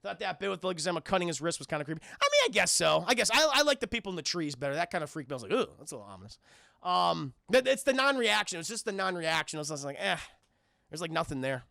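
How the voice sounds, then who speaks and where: A man's voice: high-pitched, very animated, quick pace, vocal fry, sharp tone, no room sound, studio quality. A man reviewing a film on a live stream, talking to his chat in a rambling, profane way.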